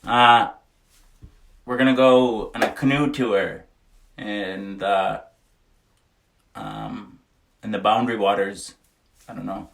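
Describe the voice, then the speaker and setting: A man's voice: lowish voice, steady tone, takes it slowly, gravelly, pauses often, fairly bright tone, far from the mic. A man hosting a casual livestream, reading viewer comments aloud, often laughing and joking frankly. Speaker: livestream host. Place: small wooden sauna. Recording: echoey room, voice away from mic.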